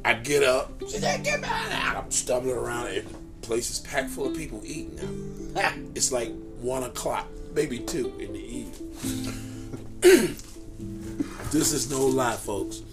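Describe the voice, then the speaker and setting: A man co-hosting a casual chat, telling a comic story in an animated, profane way. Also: mid-range voice, a little slow, pauses often, music in the background. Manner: animated, profane, acts out voices. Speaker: channel co-host.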